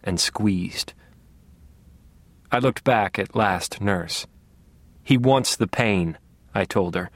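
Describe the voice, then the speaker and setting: A man narrating a first-person novel in a measured, wryly dry manner. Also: lowish voice, no echo. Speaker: audiobook narrator.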